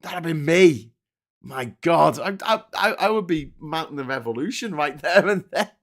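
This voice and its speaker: A man's voice: fairly high pitch, expressive, normal speed, a bit bright. Angry, sweary Liverpool-accented man ranting. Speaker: political commentary host. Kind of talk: live-streamed political rant.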